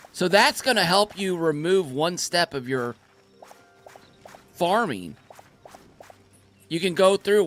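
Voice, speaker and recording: A man hosting his own gaming channel, giving excitable, playful gameplay commentary and laughing easily. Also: fairly high pitch.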